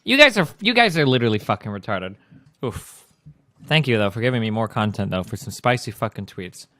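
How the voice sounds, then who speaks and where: A man's voice: lowish voice, animated, quick pace, a bit bright, dry recording, clean studio sound. A man streaming, ranting at his chat in a profane, combative and sarcastic way. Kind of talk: ranting reaction commentary.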